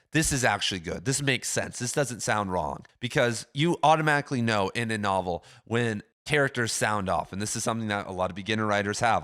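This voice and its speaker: A man's voice: mid-range voice, a bit bright. A young man hosting a writing channel, talking casually and enthusiastically, rambling and quoting himself. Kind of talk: casual talk to camera.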